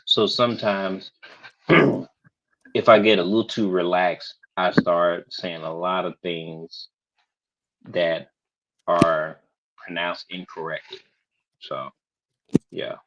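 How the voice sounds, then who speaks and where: A man's voice: fairly even intonation, takes it slowly, pauses often, fairly bright tone. A man from Georgia with a Southern accent, chatting casually on a livestream and telling stories. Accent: Southern American. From Georgia, USA. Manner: storytelling, mimics others in high voices. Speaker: livestream guest. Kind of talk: casual chat. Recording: dull lo-fi stream audio.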